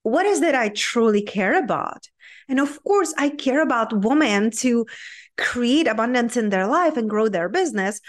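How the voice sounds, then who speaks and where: A woman's voice: fairly high pitch, lively intonation, moderate pace. A woman with a Czech accent hosting her own podcast as a business coach, talking in an upbeat, earnest, motivational way. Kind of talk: solo podcast talk.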